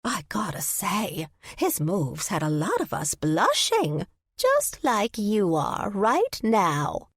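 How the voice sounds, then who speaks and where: A woman's voice: medium pitch, wildly swooping pitch, husky, no room sound, studio quality, exaggerated voice. A woman voicing a nosy, teasing old woman who drawls her words slyly. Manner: teasing, drawn-out and sly.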